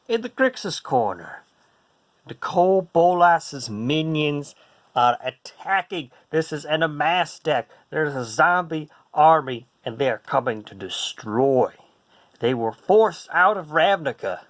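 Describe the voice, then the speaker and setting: A man's voice: fairly high pitch, big pitch swings, slow, fairly bright tone, no room sound. A man casually commenting on a card game playtest in a playful, goofy way, full of jokes and silly asides. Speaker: card game player and host.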